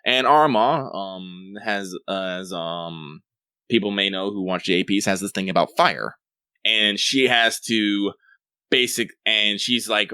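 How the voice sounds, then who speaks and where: A man with a low but bright voice, chatting casually and rambling through his thoughts. He jumps up and down in pitch, acts out bits of a story, and fills his pauses with "um" and "like". The sound is dry and close. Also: no echo. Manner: rambling, animated, many fillers, swears. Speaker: podcast co-host. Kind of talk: casual chat.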